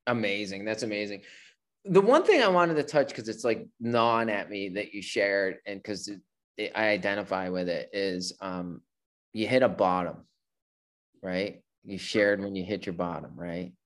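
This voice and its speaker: Low-voiced man hosting an interview. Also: normal speed. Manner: enthusiastic, rambling questions. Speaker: interview host. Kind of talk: casual interview.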